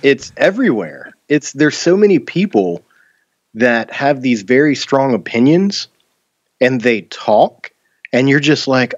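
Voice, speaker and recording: A man's voice: medium pitch, sing-song, measured pace, no echo, muffled recording. A man hosting a podcast in casual chat, rambling with many fillers and restarts. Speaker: podcast host.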